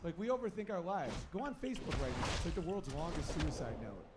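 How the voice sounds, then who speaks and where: A man from the Northeast United States doing a stand-up comedy set, animated, jumping into high excited voices for his dogs. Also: fast, very noisy.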